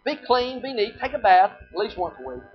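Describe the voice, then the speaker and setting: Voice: medium pitch, very animated, a little fast, breathy edge. A preacher giving a sermon, asking the listeners rhetorical questions, repeating phrases and quoting scripture in old-fashioned wording. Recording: dull lo-fi recording with faint music.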